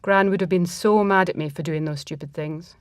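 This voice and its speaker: Woman storyteller, reflective reading, lowish voice, dry close sound. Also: no echo. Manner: reflective, measured. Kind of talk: first-person story reading.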